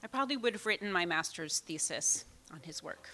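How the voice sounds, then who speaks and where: A woman reads a prepared memorial tribute in an earnest, measured way, close to tears. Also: on the low side, expressive, pushed and bright, a little hiss or hum. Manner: earnest, emotional, measured delivery. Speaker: reader giving a tribute at a memorial. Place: bookstore event space with an audience. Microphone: handheld mic at a live event.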